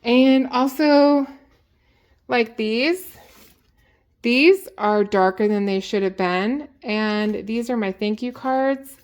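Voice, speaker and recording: A woman who owns a small business, chatting to camera in a lively, emphatic, exasperated way as she shares advice from her mistakes. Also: on the high side, slow, dull audio. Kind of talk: casual advice vlog.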